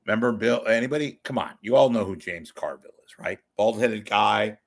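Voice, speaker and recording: An older man hosting a casual livestream, rambling and crude, his voice going hoarse. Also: lowish voice, a little fast. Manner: crude, rambling, self-amused. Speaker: host.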